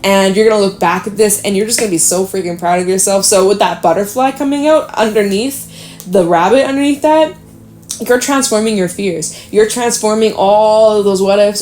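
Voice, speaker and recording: A woman's voice: medium pitch, moderate pace, a little mellow. A woman giving an encouraging, emphatic tarot reading in a casual way, swearing now and then. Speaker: tarot reader. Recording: echoey room.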